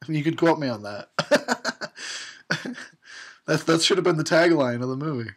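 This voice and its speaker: A man's voice: on the high side, measured pace, pauses often, a bit bright, slightly rough. A man giving a drunken movie commentary, crude and mocking, talking back at the characters and laughing at his own jokes. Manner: talks back at the characters on screen. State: tipsy.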